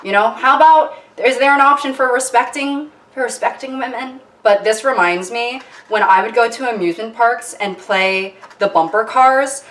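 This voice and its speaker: A woman's voice: on the high side, normal speed, hardly any pauses, a bit bright. Chatty young woman, roomy and distant. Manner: chatty, self-mocking, rambling with many fillers. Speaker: YouTuber. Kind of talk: casual cooking vlog chat. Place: home kitchen. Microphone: camera tilted down on the counter. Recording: roomy kitchen sound from a distant camera mic.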